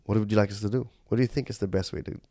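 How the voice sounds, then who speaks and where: A man's voice: on the low side, fairly even intonation, rapid-fire, warm tone, no echo, studio quality. A man giving an earnest, sermon-like leadership talk as a podcast host, telling stories with animation. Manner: switches into Tagalog phrases.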